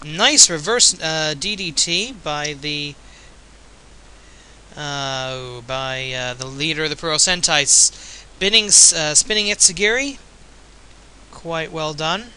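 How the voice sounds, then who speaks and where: A man's voice: a little high, slow pace, sharp tone, smooth, poor audio. A man giving casual, jokey play-by-play commentary in an offhand, chatty way, a bit tipsy.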